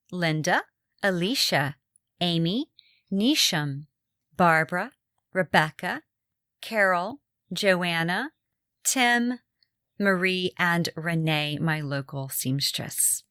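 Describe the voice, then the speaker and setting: A chatty middle-aged woman hosting her podcast, her voice sitting low for a woman. She talks in a loose, conversational way, full of little fillers and restarts. The sound is close and dry, with no room around it. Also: no room sound. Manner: chatty, warm-hearted, with frequent fillers and restarts. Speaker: podcast host. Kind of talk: casual podcast monologue.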